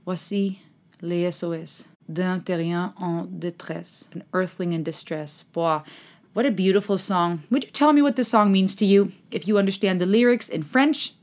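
A young woman hosting a music reaction vlog, talking straight to her viewers in an effusive, excited way, thinking aloud and laughing often. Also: mid-range voice. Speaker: music reaction channel host.

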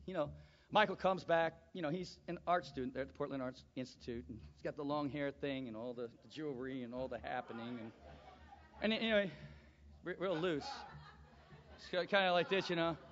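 A man preaching a sermon to a congregation, swinging from quiet asides to shouted peaks and calling for amens. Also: a little high, fairly quick, in a large hall, muffled recording.

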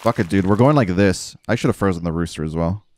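A man's voice: sits low, fast, darkish tone. A man streaming a game with casual commentary, talking to himself, mocking his own moves and swearing now and then. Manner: self-mocking, talks to himself while playing; swears casually, says dude a lot. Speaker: gaming streamer.

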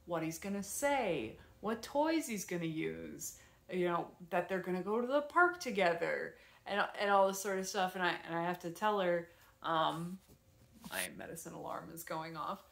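A woman vlogger casually retelling her day at home, rambling and animated with lots of fillers. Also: fairly low pitch, normal speed, creaky. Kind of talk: casual storytelling vlog. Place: her apartment. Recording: echoey room.

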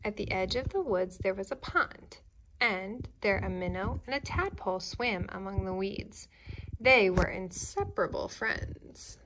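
A young woman, a teacher, reading a picture book aloud to children indoors in a gentle, expressive way, speaking to the kids directly. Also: mid-range voice, unhurried, background noise. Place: indoors at home.

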